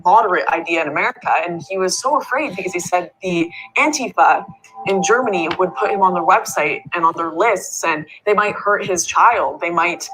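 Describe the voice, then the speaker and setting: A woman's voice: fairly low pitch, normal speed, a bit bright, faint music behind, poor audio. A young woman answering interview questions in an earnest, worried way. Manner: earnest, worried, talks with fillers like "like".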